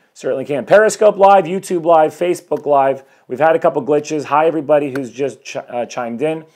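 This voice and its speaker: A man in his forties, working as a life coach, preaches self-improvement to viewers on a home live stream, welcoming people as they arrive. He talks with energy and tends to ramble, his voice slightly high and a touch mellow.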